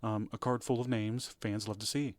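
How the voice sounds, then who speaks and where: Male podcast co-host, low voice, casual rambling delivery, dry close mic. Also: steady tone, normal speed, no room sound. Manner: rambling, frequent restarts and fillers. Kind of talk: casual chat.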